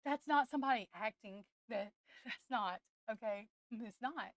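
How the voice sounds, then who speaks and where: A woman's voice: a little high, no room sound. Impassioned woman on the verge of tears. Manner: impassioned, tearful, halting restarts, addresses viewers as y'all. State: close to tears. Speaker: tarot livestream host. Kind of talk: emotional live-stream chat.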